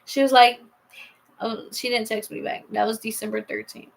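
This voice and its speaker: A young woman telling a personal story in a casual vlog, rambling and halting as she reads out old texts. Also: a little high, little pitch movement, gravelly, poor audio. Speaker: vlogger.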